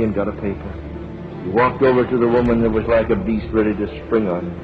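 A man preaching, telling a slow dramatic story that builds to a fervent appeal. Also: fairly low pitch. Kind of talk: sermon illustration storytelling. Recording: dull lo-fi sermon recording with music behind.

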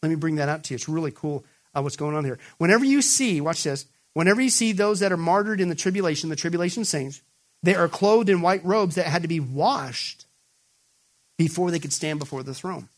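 A pastor preaches a sermon, addressing his listeners directly as "folks" and pressing his points hard. He's emphatic, and his pitch rises, raised and excited, when he quotes.

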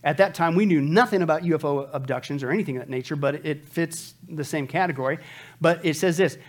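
Emphatic high-voiced male preacher. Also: fast. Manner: emphatic, asks rhetorical questions. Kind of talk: sermon.

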